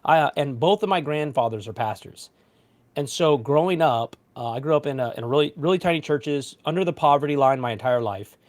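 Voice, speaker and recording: A male pastor in his forties hosts a casual online talk show and tells stories with lively, self-mocking asides. His voice sits a little high for a man. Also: fairly quick. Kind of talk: casual livestream chat.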